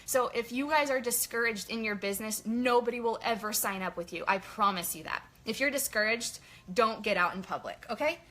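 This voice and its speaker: A woman leading a casual motivational team training, chatty and energetic in her pep talk. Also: fairly high pitch, a little fast. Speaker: sales team leader.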